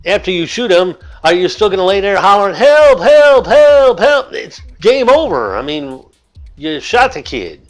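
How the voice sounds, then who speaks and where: A man's voice: sits high, big pitch swings, normal speed, faint music behind. An older man giving rambling, argumentative commentary in his own vlog. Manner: rambling, argumentative, acts out yelling. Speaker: vlogger. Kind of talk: opinionated commentary.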